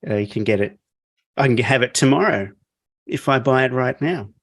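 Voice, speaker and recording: A man's voice: medium pitch, normal speed, dry recording. A man hosting a podcast interview, chatty and joking with lots of fillers. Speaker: podcast host. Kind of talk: casual interview chat. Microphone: podcast microphone.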